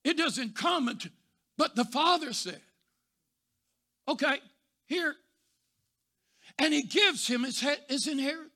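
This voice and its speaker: A man preaching a sermon, telling stories and rising to shouts before dropping soft. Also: very high-pitched, animated, a little slow, pauses often. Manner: builds to shouting, then drops soft. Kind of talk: sermon with storytelling.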